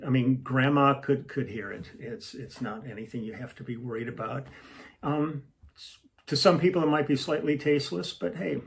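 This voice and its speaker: A musician hosting a casual home livestream, rambling and breaking off mid-thought before telling a joke. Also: male voice, medium pitch, vocal fry. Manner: rambling, self-interrupting storyteller. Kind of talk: casual chat to camera.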